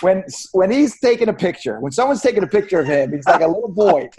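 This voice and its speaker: A man's voice: high voice, lively intonation, fast, darkish tone, slight background noise. A man hosting a radio talk show, joking and rambling with frequent restarts. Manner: rambling, jokey, stumbles and restarts. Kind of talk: casual chat.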